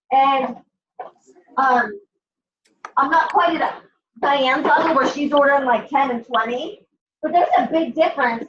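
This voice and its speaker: Blunt, high-voiced woman leading a team call. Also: a little slow, long pauses, highs cut off, background noise. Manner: blunt, swears, tough-love pep talk. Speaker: sales team leader. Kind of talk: casual motivational team call.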